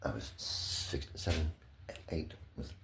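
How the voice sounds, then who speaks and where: A man with an extremely low, gravelly voice talks through a rambling personal monologue. He repeats himself and swears freely. He drops into hushed murmurs and then rises into loud, heated outbursts. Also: takes it slowly, heavy background noise. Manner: profane, repetitive and impassioned.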